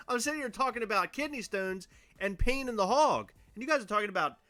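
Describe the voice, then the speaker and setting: A man's voice: high voice, expressive, fairly quick, bright, forceful tone. A man co-hosting a casual chat show, playful and teasing, with big exaggerated reactions. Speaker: podcast co-host.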